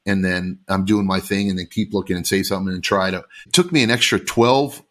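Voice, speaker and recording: A man who runs a pool service business, a podcast guest telling stories in an animated, frank and heated way. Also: low voice, a little fast. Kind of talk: casual podcast chat.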